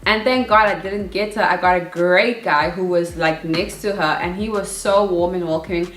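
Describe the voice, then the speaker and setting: A young woman from Africa, giving casual advice in a chatty, animated way and acting out her own past nerves. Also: fairly low pitch, moderate pace. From South Africa. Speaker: vlogger. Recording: echoey room.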